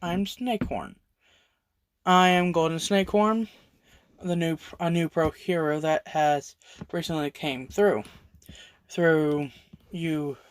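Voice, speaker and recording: A storyteller voicing a confident woman hero who is now a combat teacher, speaking sternly with calm threats. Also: mid-range voice, slight background noise, close to an everyday voice.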